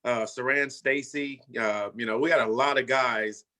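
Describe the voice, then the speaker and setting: A man's voice: medium pitch, fairly even intonation, normal speed, sharp tone. A man in his fifties, a former football player, telling his story in a casual way and often saying "you know" and "man".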